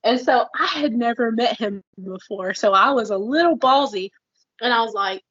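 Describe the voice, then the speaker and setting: A woman co-hosting a casual podcast who talks bluntly and gets heated, swearing freely. Her voice sits a little high. The sound is dry and somewhat dull, like a lo-fi home setup. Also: moderate pace, fairly bright tone, no room sound. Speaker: podcast co-host.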